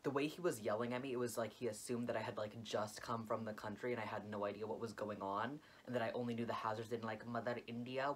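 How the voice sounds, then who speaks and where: A young man vlogging a dramatic storytime, expressive and full of "like" fillers. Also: medium pitch, brisk, breathy edge. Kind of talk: storytime vlog.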